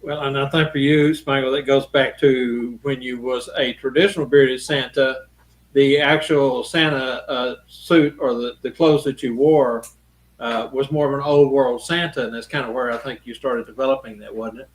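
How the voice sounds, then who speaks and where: A man's voice: mid-range voice, fairly even intonation, moderate pace, low-quality recording. A man hosting a talk show, chatting in a friendly, teasing way. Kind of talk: casual studio chat.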